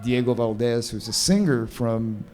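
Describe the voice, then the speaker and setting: A man's voice: medium pitch, measured pace, mellow, a little hiss or hum. A man in his sixties from Cuba with a Cuban-New Jersey accent, chatting and telling stories as a guest on a convention panel. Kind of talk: casual storytelling on a convention panel.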